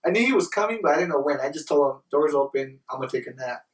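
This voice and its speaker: A young man co-hosting a podcast, telling stories in animated, profane casual chat. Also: on the high side, quick pace, echoey room. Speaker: podcast co-host. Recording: distant mic.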